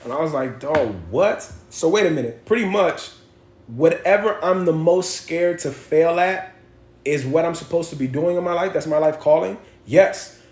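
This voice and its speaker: A young man talks straight into his phone on a casual livestream, voice set a little high for a man. He tells his story with emphasis, repeating phrases and swearing freely. The sound bounces around an echoey room. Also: moderate pace, a little mellow. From Miami. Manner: emphatic, repetitive, profane storytelling. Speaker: livestream host.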